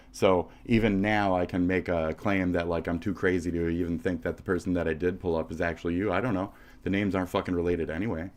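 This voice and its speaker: A man's voice: deep voice, a little mellow. A man from the United States, livestreaming, who rants profanely at someone, taunting and repeating his insults. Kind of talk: profane reaction rant.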